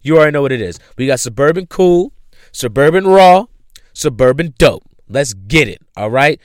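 A man's voice: on the high side, animated, moderate pace, dry recording. A man hosting a podcast, ranting bluntly and profanely about music with repeated rhetorical questions. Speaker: podcast host.

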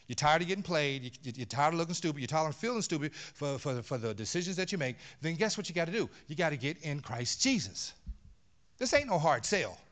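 Male pastor, high and sharp-toned, punchy conversational sermon in a church. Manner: emphatic, conversational preaching with many repeated words. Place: church sanctuary.

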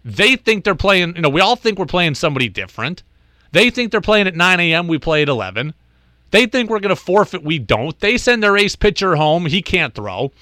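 A man hosting a sports talk show, telling a story in an animated, exasperated way. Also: sits high, a little fast, no room sound.

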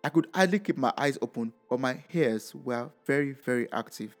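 A man's voice: mid-range voice, animated, moderate pace, hardly any pauses, faint music behind. A man narrating a dramatic first-person story in a reflective tone.

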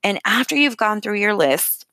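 A woman's voice: mid-range voice, expressive, moderate pace, bright, forceful tone, no echo. A woman in her thirties, a mother, talking candidly through a personal healing practice, earnest and self-deprecating with small restarts. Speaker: self-help speaker. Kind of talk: personal advice talk.

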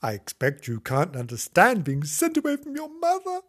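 A man putting on a high, gushing young girl's voice while reading a children's storybook aloud for laughs. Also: huge pitch swings, normal speed, fairly bright tone, exaggerated voice. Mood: sympathetic.

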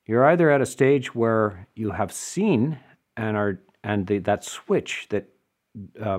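A man teaches as a Buddhist meditation teacher, his voice rising and falling across a wide, animated range. He explains with emphasis, often turning to rhetorical questions to drive a point home. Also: fairly low pitch. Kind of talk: dharma talk answering listener questions.

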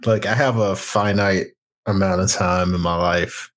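A man's voice: low-pitched, fairly even intonation, measured pace, fairly bright tone. Laid-back male podcast co-host. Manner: laid-back, repeats words as he starts sentences. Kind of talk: casual chat.

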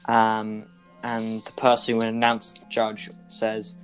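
A man's voice: on the low side, completely flat delivery, slow, faint music behind. Hesitant male game master. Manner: hesitant, lots of ums and restarts. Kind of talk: narrating a tabletop role-playing game.

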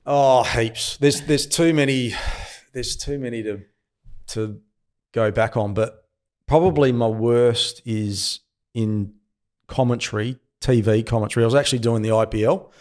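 A man's voice: mid-range voice, measured pace. Australian man, early fifties, easygoing guest storyteller, mid-range voice. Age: 50s. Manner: relaxed storyteller, laughs at himself. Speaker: guest, cricket commentator and radio host. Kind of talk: casual interview chat.

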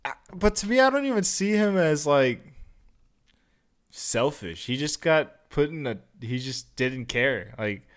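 A man's voice: fairly high pitch, expressive, a little slow. A young man co-hosting a casual movie review chat, rambling a little and acting out quotes in funny voices. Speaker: podcast co-host.

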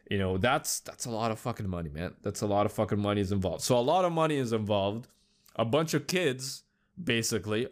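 A young man hosting a podcast, chatting casually in a loose, rambling way with lots of swearing. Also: medium pitch. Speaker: podcast host. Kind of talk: casual solo commentary.

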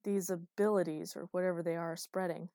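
A woman reading the lines of a big, gruff male commander in an audiobook, in a dry recording. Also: high voice, little pitch movement, a little fast, dark tone, no room sound. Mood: steady. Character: big deep-voiced calm male commander.

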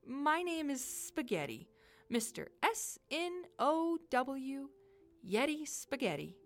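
A huge, fluffy male yeti who scares easily and yelps in a squeaky, high voice, as a woman reads him aloud. He swings wildly up and down in pitch and sounds silly and lonely. A children's storybook character. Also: big pitch swings, slow, faint music behind, exaggerated voice. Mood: earnest.

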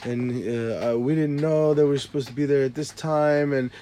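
A man's voice: on the high side, fairly even intonation, fairly quick, dark tone, a little hiss or hum. A man in his thirties telling a story in casual chat, swearing a lot and restarting his sentences often. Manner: profane, rambling with many restarts.

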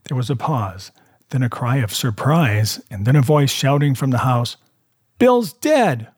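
A man reading a classic adventure novel aloud, telling it in a measured way and voicing the characters. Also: mid-range voice, breathy edge, no room sound, studio quality. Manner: measured storytelling with voiced characters. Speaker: reader.

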